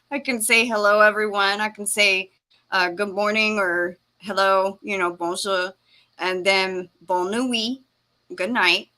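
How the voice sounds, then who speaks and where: A woman hosts a casual live-stream chat, with a bright, forceful voice. She chats in a halting way, full of fillers and small laughs. Her pitch sits in a middle range. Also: steady tone. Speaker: host.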